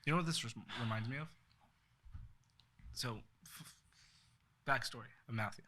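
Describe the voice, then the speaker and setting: Bright-voiced young man cutting in eagerly. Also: medium pitch, normal speed. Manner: eager, teasing, jumps in with his own story. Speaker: podcast co-host. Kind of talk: casual chat.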